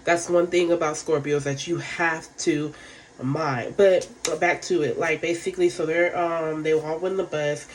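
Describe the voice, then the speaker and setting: A woman's voice: deep voice, steady tone, normal speed, slight background noise. A woman giving a casual, rambling recap of a reality show, frank and profane, full of fillers.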